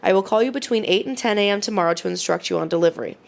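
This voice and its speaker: Menacing kidnapper, played by a woman, slow deliberate reads, a touch of fry. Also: medium pitch, lightly acted. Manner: slow, deliberate, mock-foreign delivery. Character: menacing kidnapper reading a ransom note.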